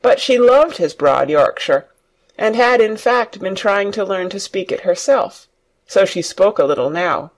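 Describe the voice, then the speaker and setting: Lively storybook narrator. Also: mid-range voice, measured pace. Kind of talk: audiobook reading for learners.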